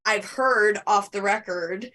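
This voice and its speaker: A woman's voice: medium pitch, slow pace, sharp tone, recorded from a distance. A woman podcast co-host chatting casually in an interview, rambling with many fillers and restarts.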